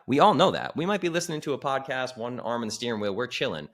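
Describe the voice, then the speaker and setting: A man talking as a health coach guest in a casual podcast conversation, animated and full of "like", acting out quoted voices. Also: mid-range voice, fast talker.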